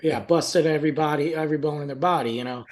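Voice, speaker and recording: A man's voice: on the high side, quick pace. A young adult man, a podcast co-host, telling a story in casual chat, acting out quotes and laughing often.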